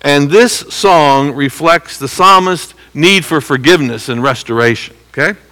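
A man leads a verse-by-verse Bible lesson in a bright, fairly high voice. He talks conversationally, often checking in with his listeners, and slows down to repeat key phrases for emphasis. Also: rough recording. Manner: conversational teaching with frequent "okay?" check-ins. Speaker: Bible teacher. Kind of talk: expository Bible teaching.

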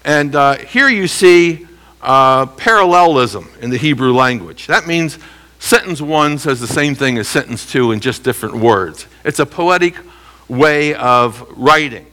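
A man teaching a Bible lesson verse by verse in a lively way, often checking that listeners are following. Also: medium pitch, measured pace. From United States. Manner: animated, keeps checking listeners with rhetorical questions.

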